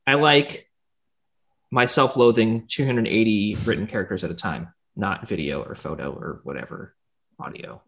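A man co-hosting a casual podcast, rambling and self-deprecating, often trailing off into a quiet mumble. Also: lowish voice, normal speed, gravelly. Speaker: podcast co-host. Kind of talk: casual chat.

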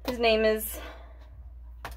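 A woman's voice: fairly high pitch, level tone, takes it slowly. A young woman chatting casually through a makeup tutorial, rambling and forgetful, short of breath and sighing between thoughts. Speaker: beauty vlogger.

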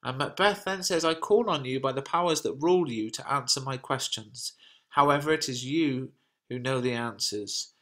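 A British male teacher reading a modern translation of a play aloud for a lesson, in a plain, measured way. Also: mid-range voice, fairly bright tone. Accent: British English.

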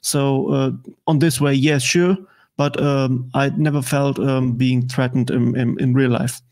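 A man with a German accent, a native German speaker, talking in English as an interview guest, halting with many fillers and restarts. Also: mid-range voice, little pitch movement, a little mellow. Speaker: guest political commentator. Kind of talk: casual interview chat.

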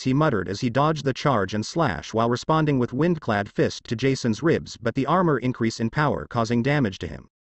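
A man narrating an action fan fiction story in an expressive storytelling manner. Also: mid-range voice, no echo.

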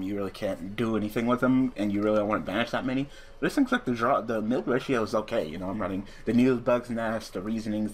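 A man's voice: lowish voice, slight background noise. A young man casually commenting on his own card game duel, profane and rambling, breaking into angry rants and restarting his sentences. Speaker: gaming YouTuber.

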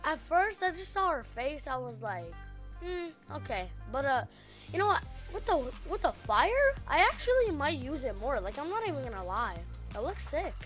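Gasping and shrieking at the game, an excitable young woman offers casual commentary on her gaming channel while she plays. She talks at normal speed in a high voice, with soft music in the background.

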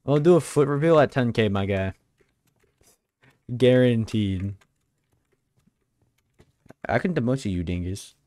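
A man's voice: medium pitch, expressive, a little slow, long pauses, darkish tone, no echo. A young man live-streaming a game, chatting casually and teasing his viewers in a joking way. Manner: joking, teasing chat banter.

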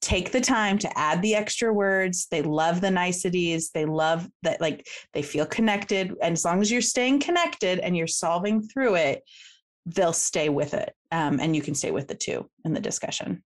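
A woman guest coach talking casually in an interview, chatty, laughing often and acting out quick quoted examples. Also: on the low side, animated. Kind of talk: casual explanatory interview talk.

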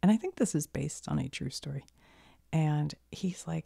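ASMR host, woman with a cold: dark husky half-whisper, soft and rambling. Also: sits low, lively intonation, moderate pace, no echo, studio quality. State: has a cold. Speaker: ASMR creator. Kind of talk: soft-spoken ASMR chat.

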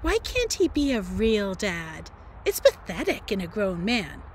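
A teacher reading a novel aloud in a dramatic, playful voice, with chatty asides. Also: female voice, mid-range voice, big pitch swings, measured pace, slight background noise. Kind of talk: expressive read-aloud narration.

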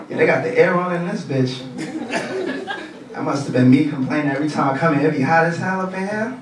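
A man's voice: a little high, brisk, noisy background. A young man doing a loose, profane stand-up set on a comedy club stage. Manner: loose, profane, animated storytelling. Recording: echoey club heard from a distance. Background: laughing crowd.

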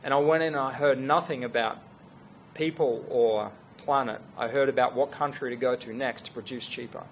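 A middle-aged man, a fashion brand founder telling a story to an audience in an earnest, animated way with restarts. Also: mid-range voice, normal speed, a little hiss or hum. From Australia.

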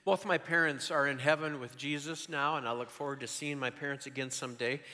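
A man in his sixties preaching a sermon, telling stories in an animated way that swings from loud to hushed. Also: medium pitch, fairly quick, long reverb tail. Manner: animated storytelling, shifting between loud and hushed.

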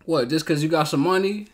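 A man hosting a show reaction, talking bluntly in profane slang and repeating himself in heated outbursts. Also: fairly high pitch. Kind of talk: casual reaction commentary.

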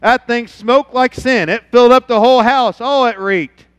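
A man's voice: very high-pitched, moderate pace, smooth, no room sound, muffled recording. Fervent storytelling male pastor. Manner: storytelling, swings from quiet to loud and fervent. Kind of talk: sermon with personal story. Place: church.

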